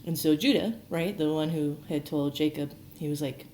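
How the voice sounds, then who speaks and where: A woman's voice: deep voice, normal speed, darkish tone. A woman educator casually retelling a Bible story, chatty and full of "like", acting out the quotes. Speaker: archaeology educator. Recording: roomy echo, faint noise.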